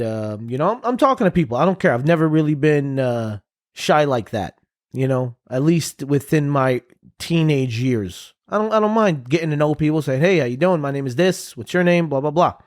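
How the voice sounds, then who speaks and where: A man from a Palestinian family in his thirties, co-hosting a podcast and telling a story in a relaxed, rambling way, often checking in with "right?". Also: on the high side, moderate pace. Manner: relaxed, filler-heavy, says "right?" often. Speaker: podcast co-host. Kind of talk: casual storytelling chat.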